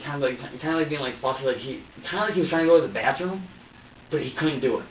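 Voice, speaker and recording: A man's voice: on the high side, fast, slight background noise. A man talks through a long, rambling account, swearing freely, stumbling over restarts and voicing his own past thoughts. He sits well back from the microphone in a bare interrogation room, so he sounds distant and reverberant, with a dull, muffled tone. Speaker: suspect being questioned.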